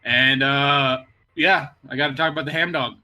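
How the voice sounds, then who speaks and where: A man co-hosting a casual podcast, excitable and jokey, swearing a lot. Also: medium pitch, moderate pace. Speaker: podcast co-host. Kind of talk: casual chat.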